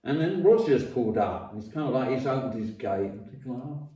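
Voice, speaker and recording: A man tells a long story in a mellow, unhurried voice. He swears freely, restarts sentences and coughs now and then. The room is echoey and the mic sits some way off. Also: medium pitch, animated. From London. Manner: profane, repetitive, many restarts and coughs. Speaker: podcast guest. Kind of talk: rambling casual storytelling. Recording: roomy, distant mic.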